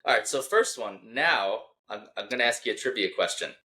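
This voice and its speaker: A man's voice: lowish voice, animated, fairly quick, pushed and bright. A young man co-hosting a casual sports podcast, teasing his co-host and laughing as he reads tweets aloud. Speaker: podcast co-host, Philadelphia fan.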